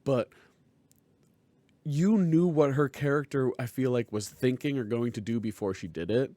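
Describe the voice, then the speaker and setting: Man, podcast co-host, mid-pitched, reflective, hunts for words, dry close sound. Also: moderate pace, mellow, no echo. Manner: thoughtful, searches aloud for the right word. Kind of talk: casual review chat.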